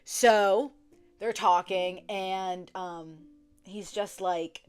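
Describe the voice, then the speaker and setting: A young woman casually retelling a story to her viewers, chatty and profane, full of "like" fillers, acting out characters' lines in quick quotes. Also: medium pitch, lively intonation, smooth. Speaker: book vlogger. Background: faint background music.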